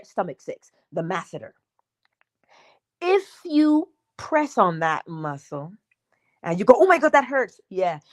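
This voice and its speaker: Woman, livestream spiritual talk host; animated, wide-ranging voice, emphatic and chatty, acts out quick dialogues. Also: mid-range voice. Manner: emphatic, conversational, asks the audience questions; acts out little dialogues with herself. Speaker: spiritual teacher hosting a morning livestream. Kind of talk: live-stream teaching talk.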